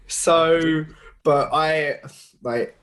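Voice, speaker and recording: A man's voice: a little high, drawn-out words, fairly bright tone. Curious male podcast host. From Essex, England. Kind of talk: casual interview chat.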